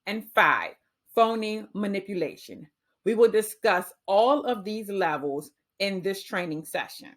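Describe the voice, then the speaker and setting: A woman's voice: medium pitch, lively intonation. A woman teacher giving a reading-skills training talk, patiently sounding out letter sounds. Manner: clear, patient, sounding out phonemes slowly.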